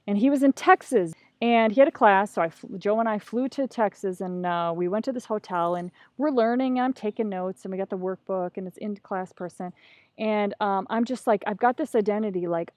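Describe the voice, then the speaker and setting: A middle-aged woman telling a story as a podcast guest, animated and a bit profane, acting out what people said. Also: mid-range voice, no room sound. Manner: animated, acts out voices, profane. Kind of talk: casual storytelling.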